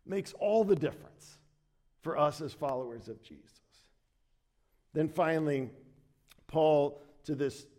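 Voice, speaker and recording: A man delivering a church sermon in a slightly higher-pitched voice. He preaches conversationally, repeating himself as he restarts, then pushes up in pitch and force for emphasis. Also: darkish tone. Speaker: pastor. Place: church sanctuary.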